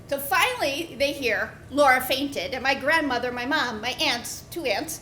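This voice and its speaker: A woman telling an improvised true story on a pub stage, animated and acting out the voices of the people in it. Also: high-pitched, moderate pace, few pauses, noisy background. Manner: animated, acts out quoted voices. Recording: echoey live room.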